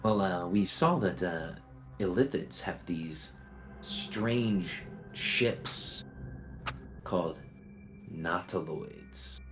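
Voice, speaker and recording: A man narrating as game master for a tabletop game, relaxed and halting with many fillers. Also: low-pitched, over music.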